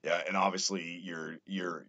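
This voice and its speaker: Lively low-voiced man hosting a podcast. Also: unhurried. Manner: animated, swears freely. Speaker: podcast host. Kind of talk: casual wrestling podcast chat. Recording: dull lo-fi audio.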